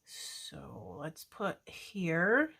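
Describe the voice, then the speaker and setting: Woman, lowish voice, crafting tutorial host, casual chatty narration, relaxed self-deprecating asides. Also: extremely slow, gravelly, husky. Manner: talks to viewers while working with her hands.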